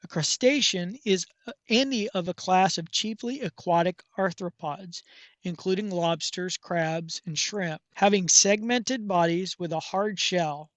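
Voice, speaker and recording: Man, scripted documentary narration, measured, high-pitched voice, dry close sound. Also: no echo. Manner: measured, even reading.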